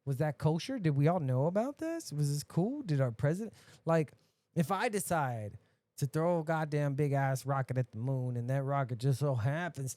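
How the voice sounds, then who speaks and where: A podcast host, a man, ranting casually and profanely, dropping to mutters and then bursting out loud. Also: on the high side, animated, normal speed, no room sound. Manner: profane, ranting, swings between mutters and outbursts.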